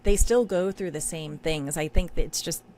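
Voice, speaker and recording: A woman's voice: sits low, moderate pace, dark tone, slight background noise. A middle-aged woman co-hosting a casual podcast, speaking earnestly and confidingly with emphatic agreement. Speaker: podcast co-host. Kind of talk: casual recap chat.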